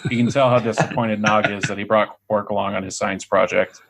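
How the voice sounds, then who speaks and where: A man co-hosting a podcast in casual chat, easygoing and relaxed. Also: fairly low pitch, a little fast, creaky. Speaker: podcast co-host.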